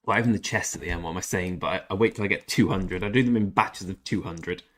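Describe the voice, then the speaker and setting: A young man with a British accent and a somewhat low voice chats casually on a gaming livestream. He answers viewers by name and talks in a loose, chatty way, giving blunt opinions with a little swearing. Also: quick pace, a bit bright. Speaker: gaming streamer. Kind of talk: casual livestream chat while playing.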